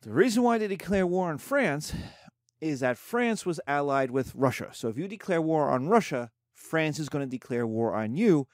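A man teaching a history class in a loose, animated, colloquial way, slipping into quoted voices for the nations. His voice sits a bit higher than most men's, and the sound is dry and close. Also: no echo. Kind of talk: casual history lecture.

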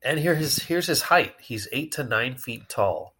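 A man's voice: medium pitch, expressive, a little slow, bright, forceful tone. A man co-hosting a podcast in casual chat, laughing often and sharing trivia. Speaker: podcast co-host.

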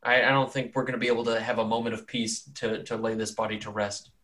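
A man voicing a worn-down but resolute village priest who speaks in a grave, measured way. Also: on the low side, flat delivery, sharp tone.

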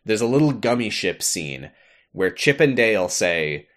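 A man's voice: lowish voice, measured pace. Guy recapping a game on a podcast, voice bounces all over, laughs a lot. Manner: animated, laughs often, acts out characters' lines. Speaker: podcast co-host. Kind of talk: casual chat recapping a video game.

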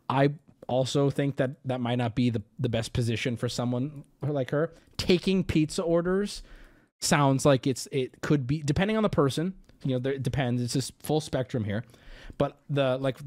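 A young man talks off the cuff on a live stream, blunt and swearing freely. His voice sits high and swoops around a lot as he reacts. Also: darkish tone. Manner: blunt, profane, laughs often.

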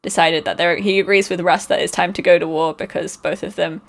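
A woman hosts a relaxed book-club chat and retells the plot in long, rambling runs full of ums. She giggles often between points and keeps the talk loose and friendly. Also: lowish voice, brisk, creaky. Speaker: podcast host. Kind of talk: casual chat recapping a book.

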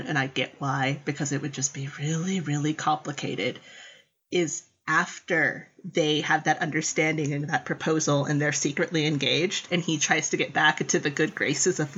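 A woman's voice: sits low, fairly even intonation, normal speed, a bit bright, slightly rough, dull audio. A woman in casual chat who laughs often and acts out quoted lines in playful voices.

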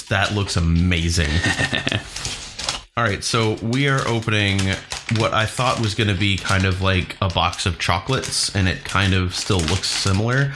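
A man co-hosting a podcast, chatting casually while tasting snacks, pausing and restarting as he talks around a mouthful. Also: fairly low pitch, very noisy. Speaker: podcast co-host. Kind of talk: casual food-tasting chat.

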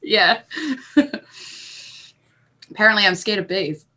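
A woman playing a tabletop game, chatty and giggly. She speaks in a bright, halting way. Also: mid-range voice. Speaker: player. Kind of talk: casual tabletop play.

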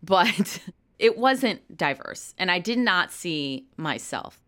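A woman's voice: lowish voice, very animated, slow, sharp tone, dry recording, clean studio sound. A young American woman from Chicago, an actress talking candidly in an interview and laughing often. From Chicago, United States. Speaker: actress, guest.

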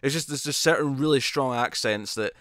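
A man's voice: mid-range voice, a little fast, fairly bright tone, no room sound, clean studio sound. A man co-hosting a podcast, chatting casually and animatedly, teasing and laughing often. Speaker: podcast co-host. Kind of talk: casual chat.

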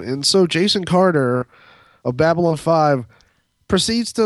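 A man's voice: fairly high pitch, expressive, measured pace, dry recording. Rambling profane podcast guy, dry close mic. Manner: rambling, profane, many fillers and restarts. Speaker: podcast co-host. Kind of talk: casual storytelling chat.

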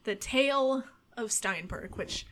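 A woman's voice: fairly high pitch, slow pace, a bit bright. A woman narrating as a game master, talking in a chatty way with many fillers.

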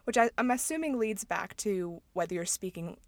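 A woman co-hosting a podcast in easy conversation, talkative and laughing often, with plenty of agreeing murmurs. Her voice sits at a middle pitch. The recording is dry and close. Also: animated, normal speed, darkish tone, no echo. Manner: talkative, laughs often, says mm-hmm a lot. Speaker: podcast co-host. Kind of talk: casual chat.

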